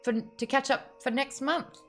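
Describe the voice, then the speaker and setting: A woman's voice: high-pitched, steady tone, moderate pace, fairly bright tone, faint music behind. An Australian woman hosting a casual book chat on a video call, bubbly and chatty. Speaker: host.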